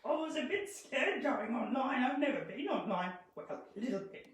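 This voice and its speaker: A woman's voice: high-pitched, animated, moderate pace, far from the mic. A woman voicing a shy, playful young moose puppet who teases with wrong answers, in an echoey garage. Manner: timid and cheeky, teasing with wrong answers. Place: home garage.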